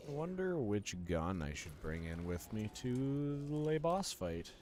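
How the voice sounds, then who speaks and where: A man giving relaxed, self-deprecating play-by-play commentary while playing a video game. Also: fairly low pitch, a little slow, background noise. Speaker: gaming commentator. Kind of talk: casual gameplay commentary.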